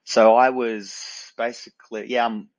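A man's voice: medium pitch, level tone, a little slow, no echo, low-quality recording. A man in his thirties from Australia with an Australian accent, a podcast guest chatting casually in an easygoing, rambling way. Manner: easygoing, rambling with restarts and laughs. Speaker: podcast guest, endurance athlete. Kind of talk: casual interview chat.

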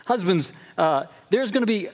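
A man in a Bible discussion, speaking quickly with small restarts. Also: sits high, lively intonation, long reverb tail. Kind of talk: casual discussion.

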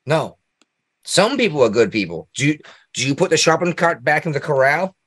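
A man's voice: fairly high pitch, very animated, normal speed, fairly bright tone, husky, no room sound, clean studio sound. A man hosting a podcast in casual chat, rambling, laughing often and ranting with strong opinions. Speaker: podcast host.

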